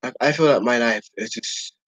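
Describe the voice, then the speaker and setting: A man's voice: medium pitch, moderate pace, a bit bright, dry recording, poor audio. Young British man, stammering and rambling, dry close sound; casual vlogger venting. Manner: hesitant and rambling, stammering restarts. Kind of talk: casual vlog rant.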